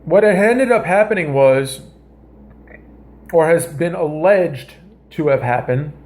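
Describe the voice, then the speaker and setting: A man hosting a comedy vlog, telling a story in a rambling, animated way and often cutting himself off mid-sentence. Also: a little high, slow pace. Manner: rambling, animated, self-interrupting. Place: home kitchen.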